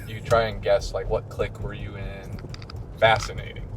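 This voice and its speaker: Chatty Midwestern priest in a car. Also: male voice, fairly low pitch, completely flat delivery, normal speed, soft background music. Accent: American Midwest. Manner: chatty, storytelling with mimicked quotes. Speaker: priest and podcast host. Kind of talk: casual chat on a car ride.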